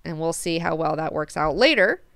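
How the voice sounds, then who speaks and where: A woman's voice: deep voice, animated, normal speed, vocal fry, fairly bright tone, no room sound, studio quality. A woman hosting a casual book club, chatting profanely and with lots of energy, and retelling the characters' lines in slang.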